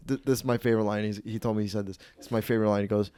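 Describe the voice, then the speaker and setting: A man's voice: medium pitch, steady tone, rapid-fire, few pauses, a little mellow, no room sound. A man in his twenties hosting a podcast, telling a rambling, profane story and acting out the people in it. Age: 20s. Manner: rambling, profane, acts out quoted voices. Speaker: podcast host. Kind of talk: casual storytelling.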